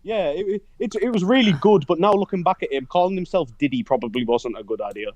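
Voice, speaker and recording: A man's voice: high-pitched, animated, quick pace, darkish tone, no echo, highs cut off. A young man, co-hosting a podcast, chatting casually about gaming and mocking old opponents with swearing and laughs. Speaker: podcast co-host.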